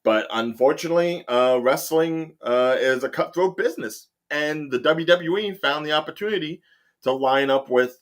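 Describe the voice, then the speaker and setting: A man's voice: fairly high pitch, moderate pace. A man hosting a casual podcast chat, rambling through his points with many fillers. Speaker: host.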